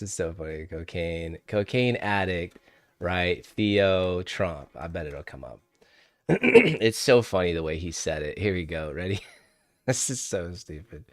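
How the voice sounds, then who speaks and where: A young man hosting a livestream who talks in a relaxed, slangy way and laughs easily. His voice sits low, and the sound is close and dry with no room in it. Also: no echo. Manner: laid-back and slangy, laughs often, calls viewers dude and homie. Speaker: trading livestream host. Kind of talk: casual livestream chat.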